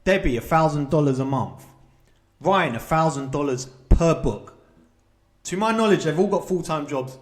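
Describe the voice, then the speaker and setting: A man's voice: on the high side, animated, moderate pace. A man coaching viewers on self-publishing in a casual talk to camera, stressing points and checking in with "right?" and "okay?". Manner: emphatic, repeats points with rhetorical checks.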